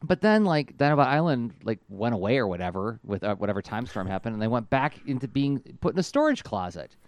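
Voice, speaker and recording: A man's voice: medium pitch, very animated, fast talker. A man co-hosting a podcast, chatting enthusiastically with lots of fillers. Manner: enthusiastic, many "like" fillers, laughs often. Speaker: podcast co-host. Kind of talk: casual enthusiastic chat.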